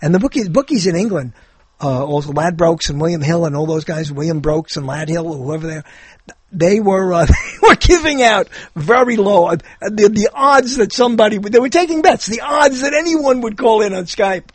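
Man hosting a show, rambling jokey chat, high and husky voice, dry close sound. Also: lively intonation, moderate pace, no echo. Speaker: show host. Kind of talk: casual comedic chat.

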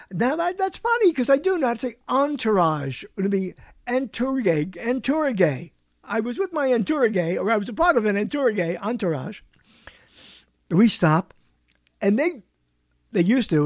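A man's voice: high-pitched, no echo, clean studio sound. An older man hosting a radio show, telling a wandering story in a solo monologue, chuckling and correcting himself as he goes, his nose stuffy from a cold. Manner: chuckling often, self-correcting, wandering anecdote.

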